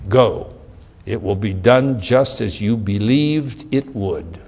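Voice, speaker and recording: A calm, solemn teacher speaks with quiet authority, as a preacher voices him. His delivery is measured. A long reverb hangs on every word. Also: lowish voice, breathy edge, pitched below the performer's own voice, exaggerated voice. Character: Jesus, calm grown man teaching with authority.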